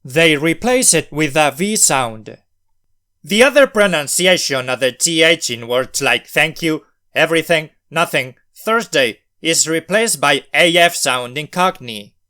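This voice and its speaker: Man, fairly high voice, smooth and clear, scripted lesson narration, careful and measured. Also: lively intonation, pushed and bright. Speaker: language video host.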